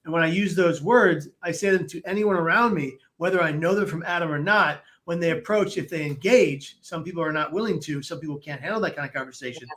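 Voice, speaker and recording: A man in his forties, a guest on a podcast interview, speaking in a measured, deliberate way. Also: on the high side, a bit bright.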